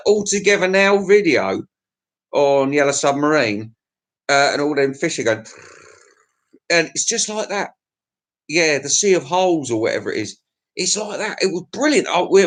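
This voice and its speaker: Crude rambling man, slightly high voice. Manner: crude, profane, jokey storytelling. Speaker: livestream host. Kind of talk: casual rambling chat to viewers.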